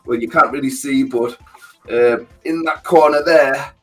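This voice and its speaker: Chatty, husky man. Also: medium pitch, moderate pace, fairly bright tone, soft background music. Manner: chatty, matey, swears freely, many fillers. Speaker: podcast co-host. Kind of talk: casual chat between friends.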